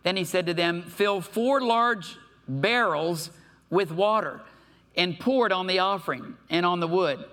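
A man preaching a sermon to his church, reading scripture aloud and breaking off with lively asides. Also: high voice, a little slow. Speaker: pastor.

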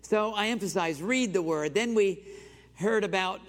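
A fairly high-pitched man preaching to his congregation and calling on them to repeat phrases back. His voice carries the long reverb of a large church hall. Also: moderate pace. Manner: exhorting, has the congregation repeat phrases after him. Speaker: pastor. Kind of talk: sermon. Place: church sanctuary.

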